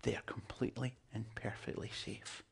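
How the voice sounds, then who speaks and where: Gravelly male preacher. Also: mid-range voice, flat delivery, moderate pace. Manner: emphatic, humorous asides to the congregation. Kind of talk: sermon.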